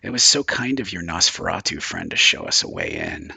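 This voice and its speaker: A man's voice: low voice, huge pitch swings, fairly quick, creaky, bright, forceful tone, breathy edge, dry recording, heavily acted. A man voicing a captured, spiteful female vampire in a tabletop game, speaking in a mocking, half-whispered hiss. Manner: mocking, taunting.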